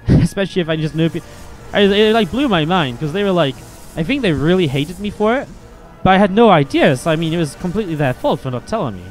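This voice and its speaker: A man's voice: high-pitched, lively intonation, fast talker, faint music behind. A man streaming and casting a strategy game, chatting casually at a desk microphone. He rambles and swears freely, with lots of filler words. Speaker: StarCraft caster and streamer. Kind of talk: casual stream chat over game commentary.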